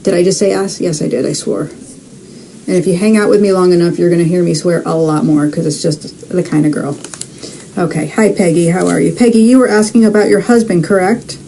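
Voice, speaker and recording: A woman's voice: lowish voice, steady tone, brisk, vocal fry, warm tone, a little hiss or hum, poor audio. A woman hosting a live-streamed psychic reading, chatty and casual, calling out viewers by name. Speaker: psychic medium host.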